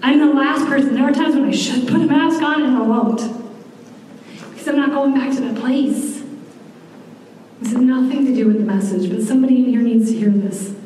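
A woman's voice: sits high, steady tone, a little fast, warm tone, slight background noise. A woman in her forties preaching a sermon, talking candidly and conversationally with personal asides. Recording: echoey hall from far off.

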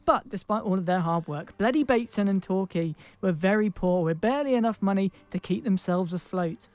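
A woman's voice: medium pitch, lively intonation, fairly quick, darkish tone, no echo. A woman narrating a comic fairy tale playfully and laughing at her own slips. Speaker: storyteller.

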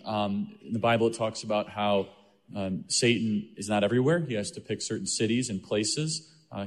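A man with a lowish voice leads an onstage interview and asks direct, probing questions. His voice carries the long reverb of a large church auditorium. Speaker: interviewer and host.

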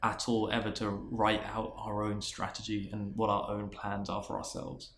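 A man's voice: lowish voice, completely flat delivery, normal speed, reverberant, slight background noise. A man, a marketing executive and interview guest, sharing a career story in an earnest, reflective way, often restarting and repeating words.

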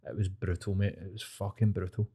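A man with a Glaswegian Scottish accent, co-hosting a podcast, telling stories in a casual, sweary, animated way. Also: low-pitched, a little fast, husky. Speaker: podcast co-host. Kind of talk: casual chat.

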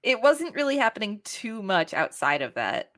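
A woman's voice: medium pitch, sing-song, normal speed, fairly bright tone, dry recording, studio quality. A woman hosting a casual podcast, asking quiz questions and explaining the answers in a matter-of-fact way. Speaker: podcast host. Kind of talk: casual chat, quizzing a co-host.

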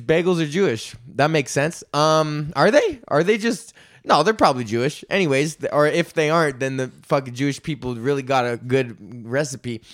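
A young man hosting his own podcast, ranting casually and swearing often as he rambles. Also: mid-range voice. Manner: profane, rambling, breaks into sung freestyle bits. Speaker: podcast host. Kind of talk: casual solo rant.

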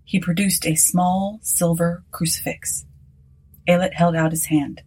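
A woman narrating a story in a measured, unhurried way with a breathy voice. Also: on the low side, steady tone, darkish tone, poor audio.

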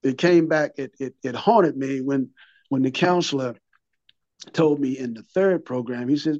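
A man's voice: mid-range voice, measured pace, darkish tone, dry recording, muffled recording. A man in his fifties or older, telling his recovery story in an interview, a vivid storyteller who repeats and restarts his words and acts out what people said.

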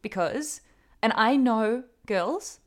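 A woman's voice: a little high, lively intonation, slow pace. A woman co-hosting a podcast, chatting casually and ranting emphatically with fillers. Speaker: podcast co-host. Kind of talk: casual chat.

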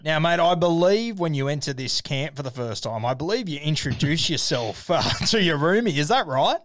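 A man's voice: fairly high pitch, lively intonation, moderate pace, no room sound, clean studio sound. An Australian man hosting a casual interview, matey and teasing. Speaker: podcast host.

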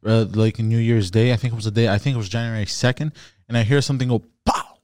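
Rambling mid-pitched podcast man. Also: fairly even intonation, fast, a little mellow, no echo, studio quality. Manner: hesitant, rambling anecdotes. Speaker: podcast co-host. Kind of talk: casual podcast chat.

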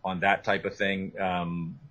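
Husky low-voiced man, talkative author. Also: slow pace, low-quality recording. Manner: animated, talkative, full of restarts and asides. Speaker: author and guest. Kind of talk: interview conversation.

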